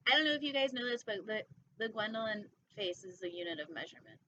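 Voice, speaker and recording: A woman's voice: mid-range voice, lively intonation, fast, pushed and bright, a little hiss or hum. A woman hosting a casual storytime, reading a picture book with goofy, rambling asides. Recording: dull lo-fi recording.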